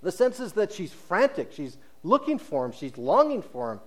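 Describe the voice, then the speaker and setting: A man preaching a sermon, explaining scripture and acting out the speakers' words, moving between hushed low phrases and raised emphatic ones. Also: sing-song, moderate pace. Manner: expository preaching, paraphrasing scripture with dramatized quotes. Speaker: pastor.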